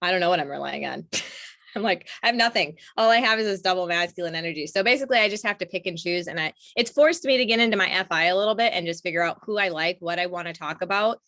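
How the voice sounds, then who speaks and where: A woman talking as an interview guest, animated and laughing often, with many restarts. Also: fairly low pitch, fast talker. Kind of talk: casual conversation.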